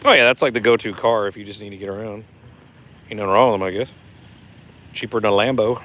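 A man's voice: lowish voice, steady tone, fast talker, pauses often, a bit bright. A man casually chatting on a livestream and reading out viewer comments in a laid-back, laughing way. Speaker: vlogger reading live chat.

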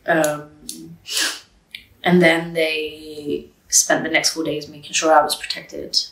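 Low-voiced woman, distant roomy mic. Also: slow pace. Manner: blunt, swears freely, animated storyteller. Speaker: interviewee. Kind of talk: candid storytelling interview.

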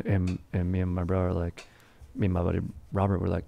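Gravelly podcast host. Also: male voice, low-pitched, completely flat delivery, fast, warm tone. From Southern California. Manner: rambling, slangy, crude. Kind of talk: comedic history podcast.

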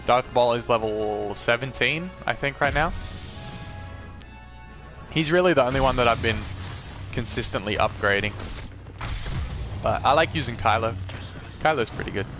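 A man's voice: medium pitch, normal speed, pauses often, a bit bright, soft background music. A man hosting a live gameplay stream in a casual, chatty way, talking to viewers and reacting to the game as he plays.

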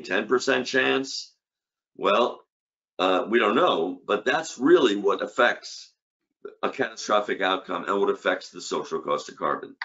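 A man's voice: on the low side, pushed and bright, lo-fi sound. An older man giving an academic conference lecture on economics, emphatic, with rhetorical questions and punchy repeated short phrases.

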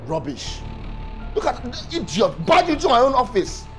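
An actor with a Nigerian accent playing an arrogant, violent husband and boss who mocks and threatens, bursting into shouts. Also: male voice, extremely high pitch, sing-song, moderate pace, soft background music. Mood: raging. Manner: menacing, mocking, shouting in bursts. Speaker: abusive husband and office boss. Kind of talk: film acting.

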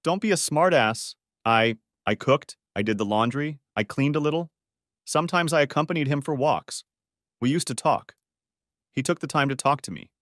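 Guy putting on a shrieky upset wife, high pitched, defensive, dry close mic. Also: moderate pace, a bit bright, no room sound, natural voice. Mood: defensive, indignant. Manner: shrieking, indignant, pleading. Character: angry betrayed wife, shrill and accusing.

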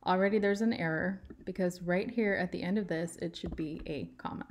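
A woman's voice: fairly low pitch, a little fast, slight background noise. A woman teaching writing in a tutorial, patient and step by step, leaning on key words for emphasis. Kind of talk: screen-share writing tutorial.

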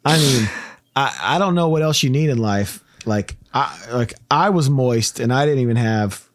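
A man in the host's chair of a relaxed podcast, spinning loose, rambling stories and chuckling at his own punchlines. His voice sits in an ordinary middle register, recorded close and dry with no room sound. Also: medium pitch, normal speed, dry recording. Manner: rambling storyteller, laughs through his own jokes. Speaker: podcast host. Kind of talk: casual podcast chat.

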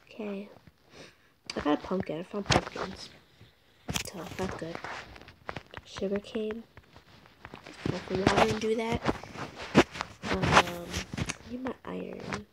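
Young woman, gaming vlogger, awkward rambling commentary, some fry, noisy home mic. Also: medium pitch, steady tone, takes it slowly, pauses often. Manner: rambling, awkward, drops to whispers. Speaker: game vlogger. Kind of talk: casual gameplay commentary.

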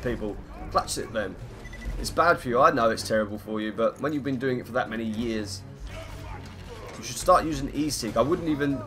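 Croaky guy rambling thru a game stream, reading chat, humming, game music behind. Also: mid-range voice, a bit bright. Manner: chatty, rambling, greets viewers, hums between lines. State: hoarse, croaky voice. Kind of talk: live gameplay commentary, reading chat aloud.

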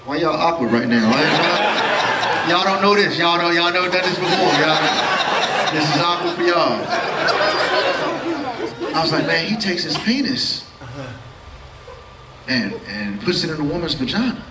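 A middle-aged man doing stand-up comedy in an animated storytelling style that keeps jumping into a squeaky voice for his son. His voice sits high for a man. He is picked up from a distance in a big echoey room, with a loud audience laughing underneath. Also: measured pace, long pauses, heavy background noise. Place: live theater stage with audience. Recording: roomy live stage sound from off mic with loud crowd.

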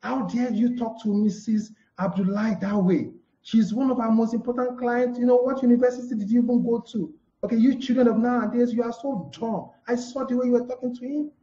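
Guy doing an angry boss chewing out a worker, high-pitched and dark-toned, echoey dull sound. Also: fairly even intonation, fairly quick, few pauses. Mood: scolding. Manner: shouting insults, raised pitch. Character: angry scolding male line manager.

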